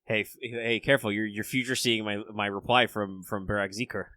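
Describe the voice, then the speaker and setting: A man co-hosting a podcast and running a tabletop game, talking casually and haltingly, with many repeated starts as he searches for words. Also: on the low side, steady tone, sharp tone, dry recording. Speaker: podcast co-host and game master. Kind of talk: casual chat.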